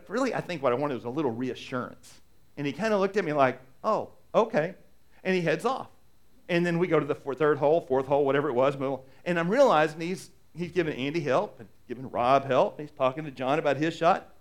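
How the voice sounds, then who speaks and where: A middle-aged male pastor preaching a sermon, telling a story in a conversational way and acting out the quoted lines. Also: on the high side.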